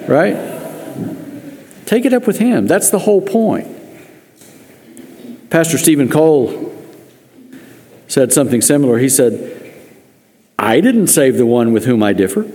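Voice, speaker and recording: A pastor preaching a sermon in earnest, with dry joking asides. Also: male voice, a little high, darkish tone. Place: church sanctuary. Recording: long reverb of a church hall.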